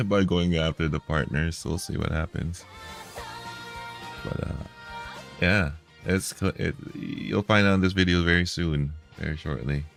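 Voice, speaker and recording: A man's voice: sits low, a little slow, vocal fry, faint music behind. A man streaming a reaction video, talking in a heated, profane, repetitive way.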